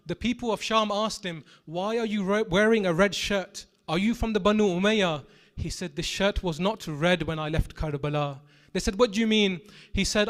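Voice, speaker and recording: A man with a high, carrying voice delivers a mournful commemorative sermon. He retells a tragic story in lamenting tones that swell into impassioned grief. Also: a bit bright. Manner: grieving, rising to impassioned lament. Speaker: preacher.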